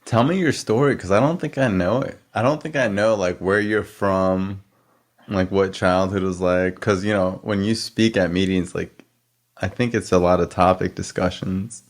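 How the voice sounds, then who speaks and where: A man hosting a podcast, mostly listening with short quiet interjections and asking curious follow-up questions. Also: sits low, normal speed. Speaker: podcast host. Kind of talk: casual interview.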